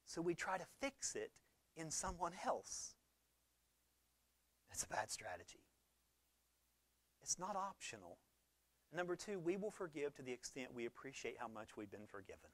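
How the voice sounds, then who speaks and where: A man, preaching a conversational sermon that swings between loud emphasis and quiet low talk. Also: sing-song, normal speed, pauses often, no room sound. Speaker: pastor.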